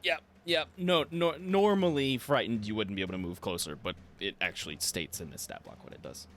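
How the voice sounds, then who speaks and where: A man's voice: lowish voice, fairly quick, fairly bright tone, a little hiss or hum. A man running a live tabletop game as dungeon master, explaining rules and rulings. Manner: rules-focused, explanatory, laughs easily.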